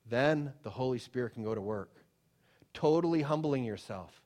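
A middle-aged male pastor preaching a sermon, swinging from loud emphatic declarations to hushed, soft pleading. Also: mid-range voice, lively intonation, normal speed.

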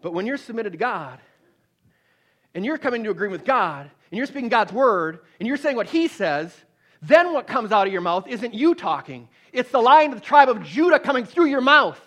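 A man preaching a sermon, swinging between loud emphatic peaks and low hushed storytelling, often repeating words as he restarts. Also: very animated, normal speed.

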